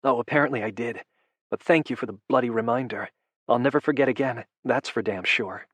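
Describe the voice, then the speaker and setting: A man voicing a furious young captive woman with a raspy, shrill voice in an audiobook. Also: a little fast, a bit bright, no room sound. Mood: defiant angry. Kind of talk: audiobook narration.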